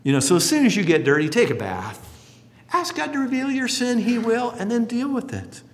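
A man preaching with a lively, swinging delivery, his pitch rising and falling as he acts out the characters in his stories. His voice carries a long reverb, as if he is speaking in a large hall. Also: a little fast. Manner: animated storytelling, acting out voices in quotes. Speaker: pastor. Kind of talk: sermon.

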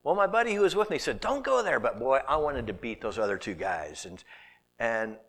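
A middle-aged man preaching a sermon, telling stories with animated delivery and dropping to a hushed whisper at times. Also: mid-range voice, a little fast. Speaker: pastor.

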